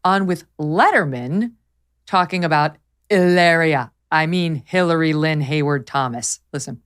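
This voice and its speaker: A woman hosts a casual commentary show in a somewhat low voice. She talks in a mocking, incredulous way and laughs often. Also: unhurried, clean tone. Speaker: show host.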